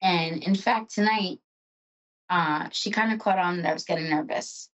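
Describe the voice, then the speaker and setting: A woman's voice: on the low side, moderate pace, fairly bright tone, highs cut off. A woman hosting a psychic show, giving an emotional and chatty tarot reading.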